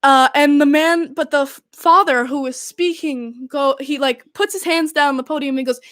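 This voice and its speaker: A young woman's high voice comes at normal speed with few pauses as she hosts her podcast, casually recounting events. Her storytelling is animated and exasperated, packed with "like," and the studio sound is clean and dry.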